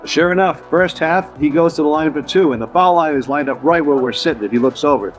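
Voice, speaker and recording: Brisk sportswriter recalling old days. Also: male voice, a little high, lively intonation, dull audio, soft background music. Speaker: sports journalist. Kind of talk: interview anecdote.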